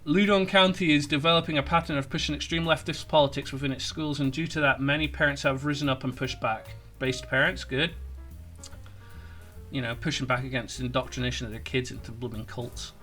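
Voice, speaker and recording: A man's voice: medium pitch, steady tone, fairly quick, bright, forceful tone, faint music behind. A man ranting sarcastically in an online commentary video, with stumbling restarts. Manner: sarcastic, mocking, rambling. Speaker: political commentator.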